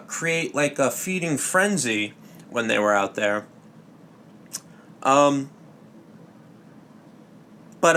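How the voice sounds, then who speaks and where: Man, podcast host, rambling comedic monologue, halting, slow, mid-range voice. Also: mid-range voice, a bit bright, slight background noise. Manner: halting, full of fillers and restarts, jokey asides.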